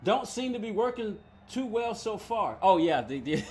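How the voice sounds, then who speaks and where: High-voiced chatty man streaming a game. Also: very animated, measured pace, a little mellow, husky. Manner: rambling, chatty, reads chat aloud, laughs often. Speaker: gaming streamer. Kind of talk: casual live-stream chat while racing.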